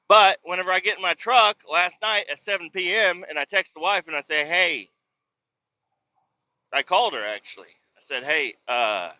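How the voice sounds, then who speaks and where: A man's voice: fairly high pitch, very animated, moderate pace, pushed and bright, lo-fi sound. A man in his thirties hosting a solo podcast, ranting casually and profanely in a rambling, exasperated way. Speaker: podcast host.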